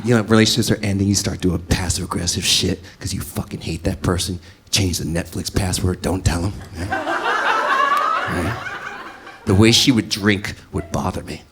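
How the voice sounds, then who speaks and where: A man's voice: on the low side, heavy background noise. A man doing stand-up, telling a story in a profane, exasperated way. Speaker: stand-up comedian.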